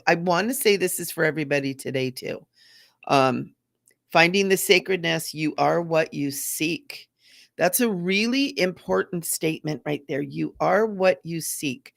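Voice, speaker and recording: A middle-aged woman, a psychic medium, chatting casually and gently during a live reading, repeating her phrases. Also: lowish voice, creaky, dry recording, clean studio sound.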